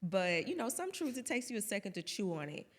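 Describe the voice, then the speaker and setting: A woman's voice: mid-range voice, big pitch swings, brisk, big-room sound, a little hiss or hum. A woman co-hosting a podcast, speaking reflectively and working through her thoughts aloud. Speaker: podcast co-host. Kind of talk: casual podcast conversation.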